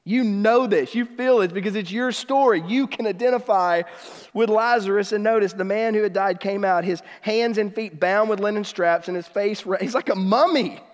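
High-voiced man preaching in a reverberant hall. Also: moderate pace. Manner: casual, conversational preaching with slang; swings from emphatic to hushed. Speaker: pastor. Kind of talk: sermon.

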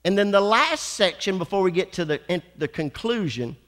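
A male pastor preaches a sermon in a church sanctuary, slowing and drawling his words for dramatic emphasis and calling for amens from the congregation. His high-pitched voice has lively intonation and a bit of brightness, with a big-room sound.

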